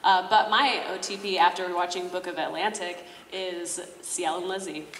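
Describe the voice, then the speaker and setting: A woman's voice: on the low side, fairly even intonation, normal speed, a bit bright, slight background noise. A female voice actor on a convention panel, speaking in an earnest, heartfelt way. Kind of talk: panel talk. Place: large convention hall. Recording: echoey hall from far off.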